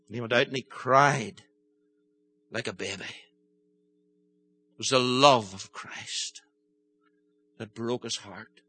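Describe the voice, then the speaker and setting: An older man preaching a sermon, impassioned, moving from gentle storytelling to forceful pleading. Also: medium pitch, takes it slowly, long pauses, husky, no echo.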